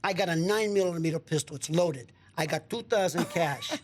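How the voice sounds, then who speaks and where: A radio studio guest, a man with a fairly high voice, tells a long story at a fairly quick clip while a faint hiss or hum runs underneath. He's an animated storyteller who acts out the voices of the people in his tale, repeating words as he goes, in a relaxed storytelling chat.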